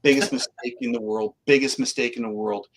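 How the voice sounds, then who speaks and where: Talking a little fast in a mid-range voice, this middle-aged man from Canada is a guest psychic in a casual interview. He's animated, telling a story and acting out the voices of those in it, and the audio is poor.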